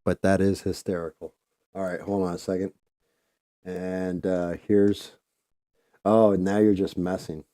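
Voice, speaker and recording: A man's voice: sits low, flat delivery, a little slow, pauses often, warm tone. A man hosting a casual painting livestream, rambling loosely and swearing freely.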